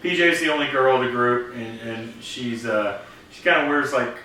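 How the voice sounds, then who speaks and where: Brief: co-host guy, rambling casual recap, bright voice, echoey room with a far-off mic. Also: mid-range voice. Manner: rambling retelling with quick voice impressions. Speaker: co-host of a review show. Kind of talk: casual review chat. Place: basement movie room.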